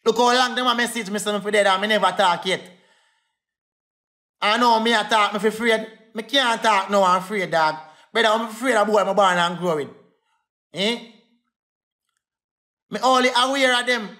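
A man's voice: sits high, a little fast, pushed and bright. A young Jamaican man in a heated livestream rant, defiant and repetitive, calling out to his viewers.

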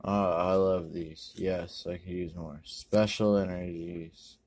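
A man rambling through a pack opening, correcting himself and using many ums and uhs, with sudden bursts of excitement. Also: low voice, takes it slowly. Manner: bursts of excitement over good pulls. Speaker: card-opening video host. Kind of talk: casual pack-opening commentary.

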